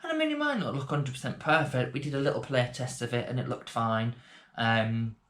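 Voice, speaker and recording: A man's voice: medium pitch, expressive, a little fast, fairly bright tone. A man chatting casually through a beginner makeup tutorial vlog, rambling with self-deprecating asides. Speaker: beauty vlogger.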